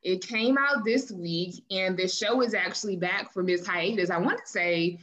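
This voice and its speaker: A woman's voice: medium pitch, moderate pace, fairly bright tone. Chatty woman podcast host, lo-fi sound. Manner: chatty, laughs often, retells scenes. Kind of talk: casual recap chat. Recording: dull lo-fi mic.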